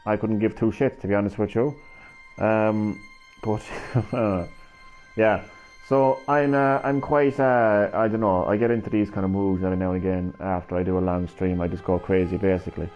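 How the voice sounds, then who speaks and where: A man's voice: lowish voice, fairly even intonation, moderate pace, faint music behind. A man chatting to viewers on a live stream, rambling, stammering and swearing casually as he swings between hyper and drowsy. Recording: slightly dull lo-fi stream audio.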